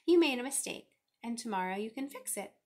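Woman voicing a gentle father, soft, reassuring. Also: on the high side, lively intonation, brisk, natural voice.

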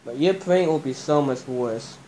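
A man's voice: mid-range voice, unhurried, mellow, a little hiss or hum. A young man vlogging, agitated and cursing after a scare, repeating himself a lot. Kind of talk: casual vlog chat.

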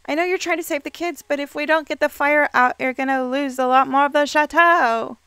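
A woman giving excitable game commentary, reacting with quick exclamations and playfully scolding the characters on screen. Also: sits high, no room sound. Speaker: let's play gamer.

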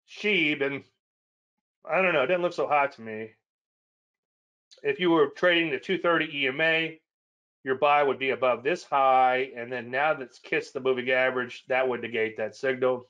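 A man's voice: mid-range voice, fairly bright tone, dull audio. A man hosting a weekly trading show, chatting casually and rambling through charts with self-deprecating asides. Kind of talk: casual webinar chat.

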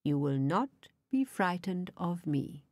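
A woman reading the part of a calm, kindly nun in an audiobook, measured and slow, with a breathy voice. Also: lowish voice, dry recording, exaggerated voice. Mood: calm reassuring. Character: calm, kindly older nun, gentle but firm.

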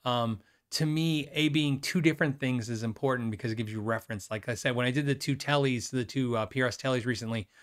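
A man hosting a live guitar show, chatting casually and rambling, with fillers and quick self-deprecating laughs. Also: medium pitch. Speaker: host of a guitar livestream. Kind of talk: casual live chat reading viewer questions.

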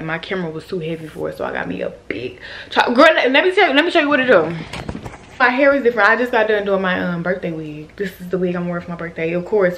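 A young woman talking to her camera in a casual vlog, loud and profane and chatty, calling her viewers y'all and girl. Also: lowish voice, background noise. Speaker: vlogger. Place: at home, then in a packed car.

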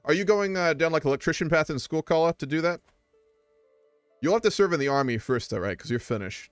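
A man's voice: fairly high pitch, animated, brisk, clean tone, no room sound, faint music behind. A young man streaming a strategy game, chatting casually with viewers and rambling with fillers. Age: young adult. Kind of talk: casual live-stream commentary.

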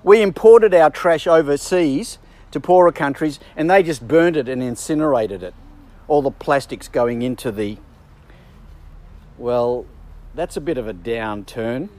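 A man's voice: mid-range voice, unhurried, darkish tone. A man preaching a sermon in a chatty, self-deprecating way with joking asides. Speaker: bishop preaching.

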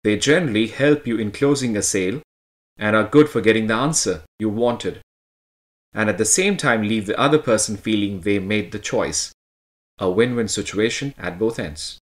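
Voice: mid-range voice, normal speed. A speaker from India reading scripted example questions and explanations for a lesson, with demonstrative intonation.

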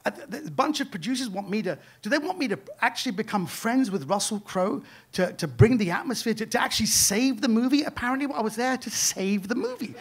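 A British comedian telling a true story live on stage, animated and self-deprecating. His voice sits notably high for a man, and he often laughs along as he talks. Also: brisk.

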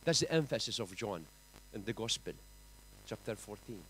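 A man with a Maltese accent preaching a sermon in church, emphatic, with big swings in pitch and loudness. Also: animated, normal speed, slight background noise, low-quality recording. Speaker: pastor.

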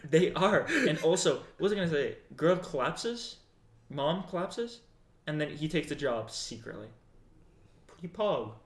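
A man co-hosting a casual podcast, his voice sitting a little high for a man. He keeps slipping into characters' lines as he retells scenes, and the recording rings with a roomy echo. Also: animated, measured pace. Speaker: podcast co-host. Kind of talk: casual chat.

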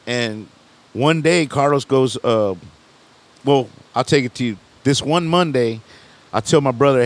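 A middle-aged man spins a long story as a guest on a podcast, speaking at an average pitch in easy, loose slang. He rambles and backs up to restart his sentences, and he keeps tossing in "you know what I'm saying". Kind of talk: casual storytelling interview.

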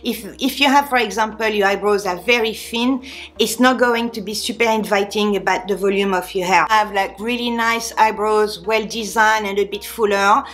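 A woman's voice: mid-range voice, steady tone, moderate pace, fairly bright tone. A woman in her forties with a French accent, chatting candidly to camera as a beauty vlogger and sharing hair tips. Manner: chatty and candid, restarts with small slips. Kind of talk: casual talk to camera.

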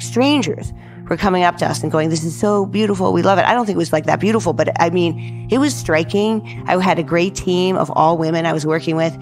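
A middle-aged woman from New Jersey, a public art director appearing as a guest, tells stories in a lively, chatty way during casual conversation. Her voice is fairly low, she says "like" often, and she acts out quoted dialogue.

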